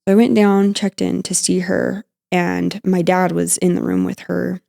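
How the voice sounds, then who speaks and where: This is a young woman telling a personal story of loss as a podcast guest. Her voice sits low with a gravelly fry, and she talks haltingly, restarting her sentences. She sounds emotional and close to tears at times. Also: flat delivery, dark tone. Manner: halting, with frequent fillers and restarts.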